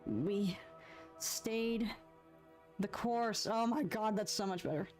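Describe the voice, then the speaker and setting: Chatty, expressive woman live-streaming her painting. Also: medium pitch, slow pace, soft background music. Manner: chatty and expressive, swinging from frustration to giddy relief, sings snatches. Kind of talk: casual live-stream chat while painting.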